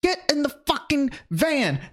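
A man putting on a frantic, yelling, cursing man in a killer-mask costume, as a bit in a podcast chat. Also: very high-pitched, very animated, unhurried, pitched above the performer's own voice, heavily acted. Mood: panicked yelling.

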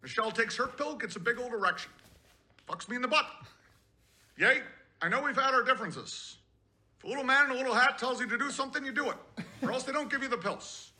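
A man's voice: very high-pitched, quick pace, long pauses, sharp tone, heavily acted. Man doing a mocking impression of a former president. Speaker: caller. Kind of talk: crude parody call-in impression.

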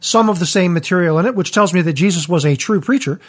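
A man in a conversational Bible discussion, speaking in a thoughtful, measured way. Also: high-pitched.

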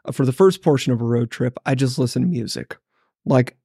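A man's voice: mid-range voice, brisk, creaky, mellow, slightly rough, no echo, clean studio sound. A man co-hosting a podcast, telling rambling, self-mocking stories in casual chat. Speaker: podcast co-host.

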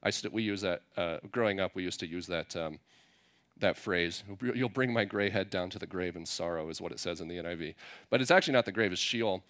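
A man preaching a sermon in a relaxed, conversational way, reading scripture and paraphrasing it playfully. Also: deep voice, fairly quick. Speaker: pastor.

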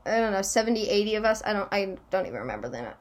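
A woman's voice: medium pitch, rapid-fire. A young woman chatting casually, telling stories with lots of fillers and laughter. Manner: giggly, animated storytelling with many fillers. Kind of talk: casual chat.

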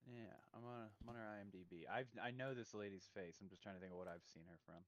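Low-voiced man giving hedged opinions. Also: fairly even intonation, highs cut off. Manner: halting, hedging opinions. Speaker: podcast co-host. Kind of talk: casual film review chat.

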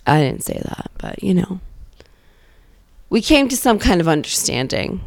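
A nasal, under-the-weather woman hosts a casual comedic podcast from inside her car with a handheld mic. Her voice is smooth and clear, and the sound is close and dry. She rambles sarcastically and swears freely. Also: medium pitch, very animated, normal speed, no echo. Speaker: podcast host. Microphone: handheld microphone.

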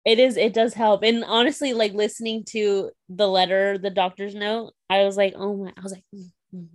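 A young woman chatting casually about a book she's reading, talking fast with lots of fillers and laughter. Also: medium pitch, flat delivery, dry recording, clean studio sound. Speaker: book discussion host. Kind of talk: casual book club chat.

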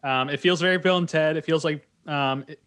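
A man's voice: a little high, fairly quick, a bit bright. Male podcast co-host, dry joker, casual rambling chat. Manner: dry, joking, rambling asides.

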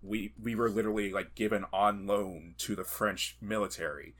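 A man co-hosting a podcast, chatting casually about a film, animated and quick to laugh. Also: fairly low pitch. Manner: animated, laughs often, acts out quotes. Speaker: podcast co-host. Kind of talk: casual movie review chat.

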